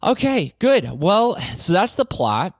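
A man hosting a casual podcast chat about movies, animated, his pitch jumping up when he gets excited. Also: slow pace, dry recording, clean studio sound. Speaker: podcast host.

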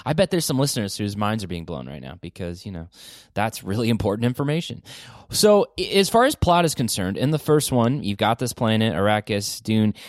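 Guy hosting a movie podcast, lively, voice jumps up high when excited, dry close sound. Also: a little fast, no room sound. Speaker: podcast host. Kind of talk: casual movie chat.

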